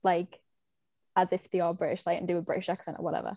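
A woman's voice: fairly low pitch, little pitch movement, fast talker, mellow, dry recording. A woman with a mid-range voice, recorded dry and close, takes part in a casual fan chat. She hedges and restarts her sentences, with fillers throughout. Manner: hesitant, filler-heavy.

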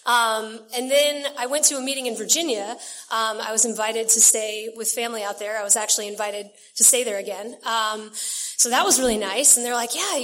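Young woman, fairly high, chatty storyteller who laughs a lot, sharing at a meeting. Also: a bit bright. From San Diego, California. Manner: chatty, laughs often, many fillers. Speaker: AA meeting speaker. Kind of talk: personal recovery story at a meeting.

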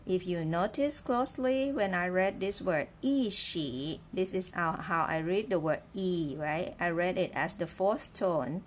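Slow, patient woman teaching a language. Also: lowish voice, slight background noise. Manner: patient, repeats words and asks "right?". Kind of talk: slow, clear classroom lesson.

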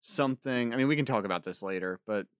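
A man co-hosting a podcast, easygoing and a little hesitant, often chuckling. His voice is mid-pitched and recorded dry, with no room sound. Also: quick pace, clear, resonant tone, no echo. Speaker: podcast co-host. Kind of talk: casual chat.

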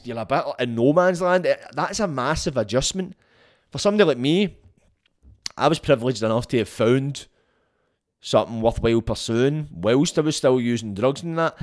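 A man hosting a solo podcast, talking casually in a blunt, frank way and swearing freely. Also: mid-range voice. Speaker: podcast host.

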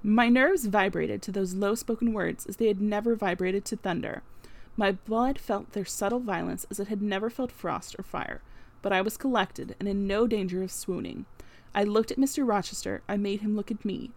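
Woman reading a classic novel aloud, steady, middle pitch. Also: normal speed, gravelly. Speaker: audiobook narrator. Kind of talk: scripted narration.

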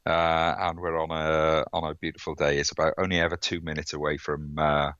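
A Welsh man with a very deep voice answers interview questions, hesitating often between words. His sound is dry and dull, like a lo-fi remote line. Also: completely flat delivery, fairly quick, fairly bright tone, no room sound. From Wales. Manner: hesitant, many ums and uhs. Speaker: podcast guest. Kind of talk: casual interview.

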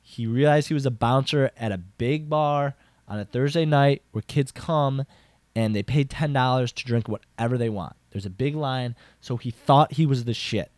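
A young man hosting a podcast, telling a casual story with lots of filler words and restarts, getting animated for emphasis. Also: normal speed, no echo. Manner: rambling, filler-heavy with frequent "like" and restarts; animated, jumps up in pitch for emphasis. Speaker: podcast host.

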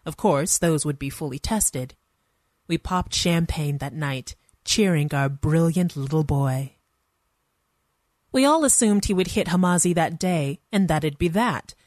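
A woman's voice: low-pitched, expressive, a little slow, a little mellow, dry recording, studio quality. A woman narrating a first-person story in a wry, conversational manner.

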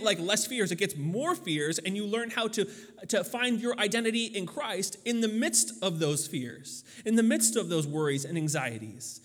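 A man with a high voice preaches a sermon in a relaxed, chatty way, restarting phrases and tossing in fillers. His voice rings out with a long hall reverb. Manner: conversational, loose with fillers and restarts. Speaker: pastor.

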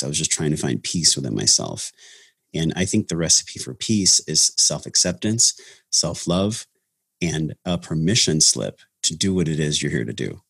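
Guy on a podcast, really low husky voice, reflective, keeps restarting. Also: no room sound, studio quality. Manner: reflective, earnest, many restarts. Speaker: breathwork facilitator, podcast guest. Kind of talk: casual podcast conversation.

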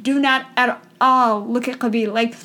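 A young woman in casual group chat, talking fast and animated with mocking asides. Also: fairly high pitch. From United States. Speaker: discussion participant.

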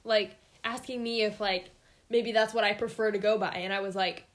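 A woman's voice: medium pitch, steady tone, normal speed. A young woman co-hosting a casual podcast, telling stories sarcastically and acting out quoted voices. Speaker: podcast co-host. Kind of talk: casual chat.

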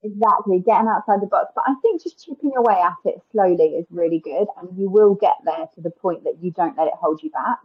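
A woman speaks in a lowish, slightly husky voice. She talks casually as a podcast guest, full of "like" and "um". The audio sounds a little muffled and lo-fi. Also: a little fast, hardly any pauses. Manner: chatty, frequent "like" and "um" fillers. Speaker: guest, wedding planner.

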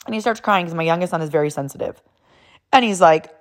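A loud, animated woman in her thirties tells a story about her family in a casual, rambling way. She piles up fillers and repeats herself as she goes. Her voice sits a little on the low side. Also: fast talker. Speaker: mother telling a personal story.

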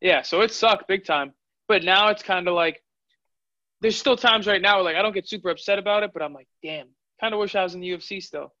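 A man's voice: sits high, brisk, bright, forceful tone, no room sound. A man in his twenties, a fighter, telling his story candidly in an interview. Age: 20s. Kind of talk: interview answers. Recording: dull lo-fi audio.

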